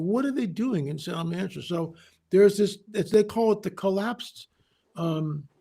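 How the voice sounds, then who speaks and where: A man as an interview guest, telling a story in an animated way, often restarting his sentences. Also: high voice, breathy edge. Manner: animated, re-enacts dialogue, frequent restarts.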